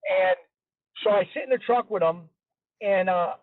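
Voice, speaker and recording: Man, interview guest, casual storytelling, chatty, repeats himself, high-ish voice, thin phone-line audio. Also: moderate pace, no echo. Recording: tinny phone-line sound, dry.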